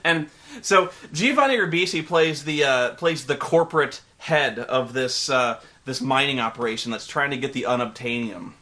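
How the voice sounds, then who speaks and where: A man co-hosting a casual movie review chat, animated, profane and sarcastic. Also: medium pitch, moderate pace. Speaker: co-host.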